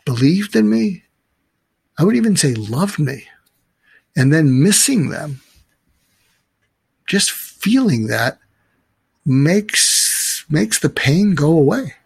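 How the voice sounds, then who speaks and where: A man's voice: a little high, sing-song, takes it slowly, gravelly, pauses often, slightly rough, no echo. Earnest man telling stories as a guest. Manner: earnest, reflective, advising. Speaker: podcast guest. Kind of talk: conversational storytelling.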